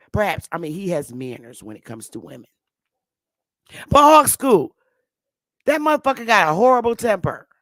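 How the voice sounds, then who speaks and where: Female stream host, brash and blunt ranter, bright tense tone. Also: lowish voice, no room sound. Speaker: livestream host. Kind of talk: ranting live-stream commentary.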